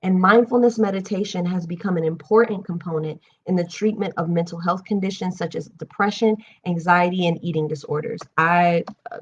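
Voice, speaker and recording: A woman's voice: fairly low pitch, a little fast, slight background noise. Young woman reading aloud, lo-fi sound. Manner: animated and candid, breaks off reading into personal asides. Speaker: host reading books aloud on a livestream. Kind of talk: reading aloud and casual chat.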